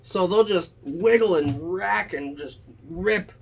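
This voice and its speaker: A young man hosting a casual podcast chat, telling lively stories and swearing freely. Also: sits high, slow, gravelly, breathy edge, rough recording. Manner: animated storyteller, swears a lot. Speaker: podcast host.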